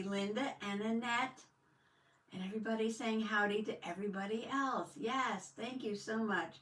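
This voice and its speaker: A woman's voice: medium pitch, bright, forceful tone. An older woman hosting a casual live journaling stream, chatting with viewers and greeting them with a folksy "howdy". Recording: echoey room, mic at a distance.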